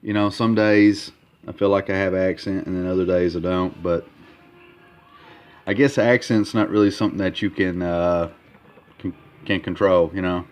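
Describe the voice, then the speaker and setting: A man talking casually in a vlog about his comic art, halting with many fillers and repeated words. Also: sits low, steady tone, a little mellow, clear, resonant tone. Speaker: comic artist vlogger. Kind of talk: casual progress-update vlog.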